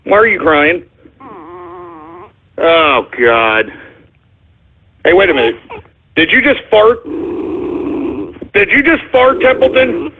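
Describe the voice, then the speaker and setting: A very high-pitched man ranting on talk radio, his voice husky and rough. He breaks into loud, exasperated shouts. The sound is thin and phone-like. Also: sing-song, slow, long pauses. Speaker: radio talk show host. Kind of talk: ranting call-in radio monologue. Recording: tinny phone-line audio.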